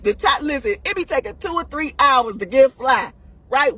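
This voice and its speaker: A woman's voice: high voice, very animated, moderate pace, sharp tone, no echo. A woman hosting a video, giving dating advice in blunt, profane casual talk, laughing often and tossing "listen" and "right?" at her audience.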